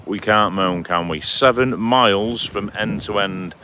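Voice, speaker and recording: A man's voice: on the low side, a little slow, sharp tone, a little hiss or hum. Friendly male vlogger, chats matily to his live viewers while walking outdoors on a phone. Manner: chatty, matey, addresses viewers by name. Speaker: live-stream vlogger reading chat. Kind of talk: casual live-stream chat while walking. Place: outdoors on a seaside clifftop walk.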